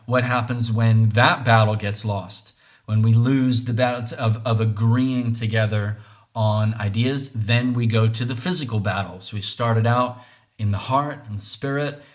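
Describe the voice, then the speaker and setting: Earnest man musing aloud. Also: lowish voice. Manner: earnest, restarts phrases, often adds "right?". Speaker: podcast host. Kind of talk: reflective monologue on relationships.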